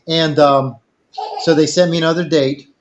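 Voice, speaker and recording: An older man spins a long personal story in a casual chat, drifting from point to point and voicing the people in it. His voice sits a little high. The sound is dull and lo-fi. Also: steady tone, normal speed, a little hiss or hum. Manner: rambling anecdotal, quotes others in dialogue. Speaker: storyteller guest.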